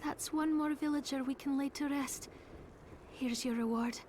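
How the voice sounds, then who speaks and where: A woman's voice: sits high, fairly even intonation, moderate pace, a little mellow, a little hiss or hum, natural voice. An actress voicing an earnest, polite young woman villager in a video game who has lost her people.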